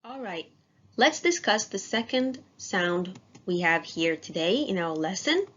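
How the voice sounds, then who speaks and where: A woman teaching an English phonics lesson, modeling sounds slowly and praising students as they repeat. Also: mid-range voice, animated, a bit bright. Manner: slow, drawn-out, encouraging drill. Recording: dull lo-fi sound.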